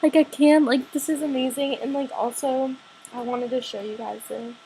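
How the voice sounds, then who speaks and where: A teenage girl vlogging, a little high in pitch, gushing breathlessly about her story with endless "like" fillers. A faint hum sits under her voice. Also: steady tone, moderate pace, dark tone, low-quality recording. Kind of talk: excited storytelling to camera.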